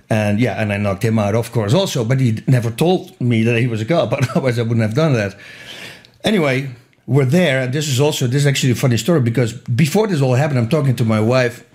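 A middle-aged man tells a wild story in a casual interview, animated and quick to laugh. His voice sits at an ordinary male pitch, and he stumbles and restarts as the story runs ahead of him. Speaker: guest telling a story. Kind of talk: casual anecdote telling.

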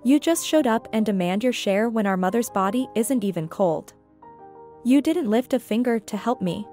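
A woman's voice: a little high, expressive, normal speed, warm tone, soft background music, lightly acted. A woman reading the lines of a weary, guarded grieving woman in her plain storytelling voice. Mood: sarcastic.

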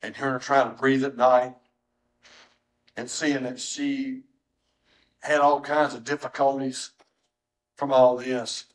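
A middle-aged man, preaching a sermon as pastor in a church, swinging from soft, low tones to high, strained cries. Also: flat delivery, slow pace, pauses often, rough recording. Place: church sanctuary.

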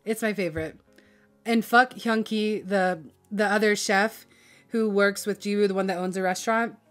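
A woman's voice: medium pitch, fairly even intonation, moderate pace, soft background music. A young woman gushing in casual chat about a show she loves, swearing freely and filling her talk with "like". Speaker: vlogger reviewing a drama.

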